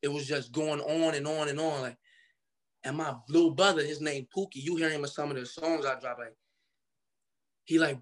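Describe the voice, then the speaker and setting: A man's voice: a little high, steady tone, moderate pace, pauses often. A young man from Cincinnati, Ohio, telling his story as a guest artist in a casual interview, loose and slangy, acting out the people he quotes.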